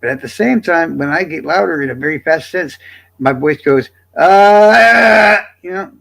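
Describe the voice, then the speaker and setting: A man livestreaming, talking to his chat in a casual, profane, defensive rant that swings between loud and quiet. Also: a little high, fairly quick, creaky.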